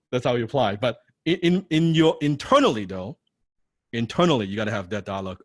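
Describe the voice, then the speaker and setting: A man's voice: mid-range voice, lively intonation, a little fast, no echo. A man coaching a live online class, blunt and profane, repeating key lines and often asking "right?". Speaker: copywriting coach.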